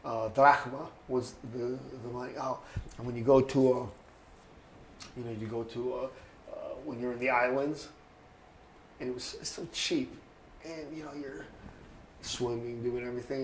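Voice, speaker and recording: A man in his sixties telling stories in an oral history interview, lively and anecdotal, often chuckling. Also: mid-range voice, normal speed, reverberant, slight background noise, poor audio. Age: 60s. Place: interview booth.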